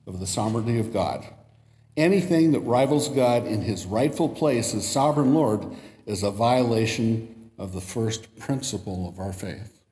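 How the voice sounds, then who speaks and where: A man's voice: mid-range voice, warm tone. A man giving a sermon in a church and reading a story aloud, lifting his voice for the quoted lines. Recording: echoey hall with long reverb.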